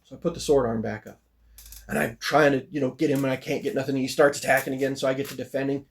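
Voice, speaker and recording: A man's voice: mid-range voice, flat delivery, fast talker, creaky. A man tells a personal story straight to camera in a loose, casual way. He rambles and restarts, leaning on "you know" and "like", and his voice jumps up as he gets worked up. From United States. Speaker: vlogger.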